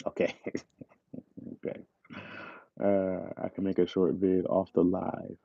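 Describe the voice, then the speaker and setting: A man speaks in a deep, monotone, slow voice with vocal fry, mellow in tone; the audio is dull and has no room sound. As a livestream host, he chats casually with viewers, reading their messages aloud and laughing often, using a tablet mic with earbuds.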